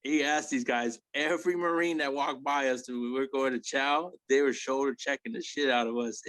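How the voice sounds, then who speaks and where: A man's voice: medium pitch, normal speed, dry recording. A man, an Army veteran, telling war stories in a casual interview, swearing freely and acting out what people said. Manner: profane, animated storytelling with acted quotes.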